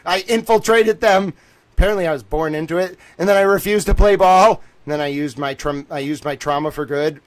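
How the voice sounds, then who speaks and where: A man streams a casual rant, swinging between low mutters and near-shouting and often breaking into laughter.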